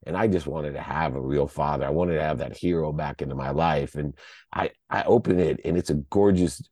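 A man's voice: very deep voice, brisk, mellow, no room sound, studio quality. A middle-aged American man sharing a personal story as a podcast guest, heartfelt and choked up at times, restarting his sentences. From United States. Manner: heartfelt, choked up at times, restless repeated starts.

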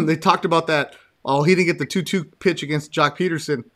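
A man with a fairly high voice hosts a casual podcast chat. He is animated and joking as he talks. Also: a little fast. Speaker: podcast host.

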